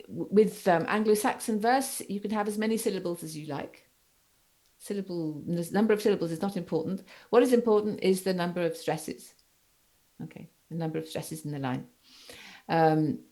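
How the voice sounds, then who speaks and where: Low, creaky-voiced woman lecturing. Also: darkish tone. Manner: explanatory, rephrasing points and checking in with "okay?". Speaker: university lecturer. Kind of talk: online literature lecture.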